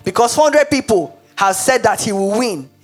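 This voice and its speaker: A woman's voice: on the high side, animated, moderate pace. A woman acting out a chummy, sly male messenger who coaxes a friend in a confidential, conspiratorial way during a sermon. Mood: coaxing.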